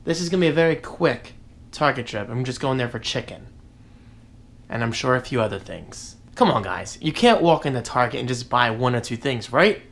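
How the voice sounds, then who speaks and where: Upbeat man vlogging his day, chatty and animated, voice swinging up and down. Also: medium pitch, normal speed. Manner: chatty, animated, joking asides to viewers. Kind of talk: casual daily vlog chat.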